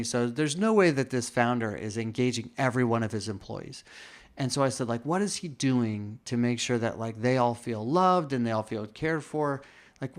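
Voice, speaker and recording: A man hosting a podcast, telling a reflective personal story in casual talk and acting out the quoted lines. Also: mid-range voice. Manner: reflective, acts out quoted dialogue. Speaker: podcast host.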